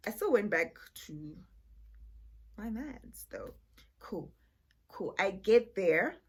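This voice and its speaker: A woman's voice: medium pitch, sing-song, slow, darkish tone, breathy edge. A woman, chatting to her viewers in a casual storytime vlog. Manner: chatty, addresses viewers as "guys", many fillers. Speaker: vlogger.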